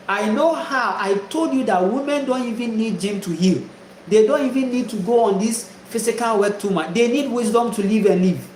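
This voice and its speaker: Emphatic high-voiced man preaching. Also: moderate pace, echoey room, a little hiss or hum, rough recording. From Ghana. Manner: emphatic, repetitive, rhetorical questions. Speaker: spiritual teacher. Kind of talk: preaching monologue.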